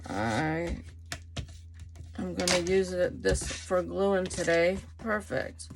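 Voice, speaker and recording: A woman talks slowly through a craft tutorial, thinking aloud as she measures and glues. Her fairly low voice is gravelly and fading, as if she is losing it. Faint noise sits under the recording. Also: expressive. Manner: unhurried, thinking aloud while working. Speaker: crafting channel host.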